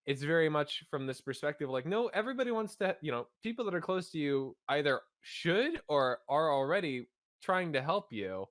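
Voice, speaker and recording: A man's voice: on the high side, animated, moderate pace, fairly bright tone, no echo, studio quality. A young man co-hosting a podcast, talking earnestly and analytically in casual chat, often restarting his sentences. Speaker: podcast co-host.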